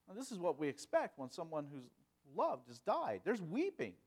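A man preaching a sermon, asking rhetorical questions and moving between loud emphasis and quiet, hushed lines. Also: high-pitched, wildly swooping pitch, normal speed.

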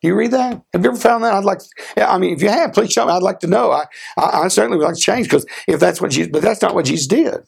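A man preaching a sermon, earnest, asking rhetorical questions and slowing down for emphasis. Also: high voice, vocal fry, slightly rough. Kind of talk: sermon with a personal story.

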